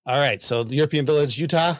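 A man's voice: on the high side, quick pace, dry recording, clean studio sound. A man hosting a casual group guessing game, chatty and laughing often. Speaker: host.

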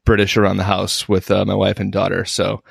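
A man's voice: low-pitched, monotone, brisk, gravelly, husky, no echo, clean studio sound. A man co-hosting a podcast in casual banter, rambling with restarts and laughing often. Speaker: podcast co-host. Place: home.

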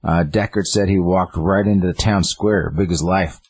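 A man casually recapping a plot, rambling and peppering his talk with quoted lines. His voice sits very low and is somewhat husky. The sound is dry and close to the mic. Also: steady tone, moderate pace, a little mellow, dry recording. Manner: rambling, with many fillers and "he's like" quotes.

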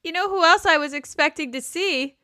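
Bright high-voiced woman, sarcastic. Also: a little fast, dry recording, studio quality. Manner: exasperated, sarcastic, swears. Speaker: podcast co-host. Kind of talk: casual chat about reality TV.

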